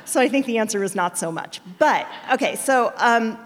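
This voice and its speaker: A middle-aged novelist telling stories in a chatty, self-deprecating way, full of fillers, as an interview guest. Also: female voice, fairly high pitch, lively intonation, a little fast, hardly any pauses, long reverb tail. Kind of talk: storytelling conversation.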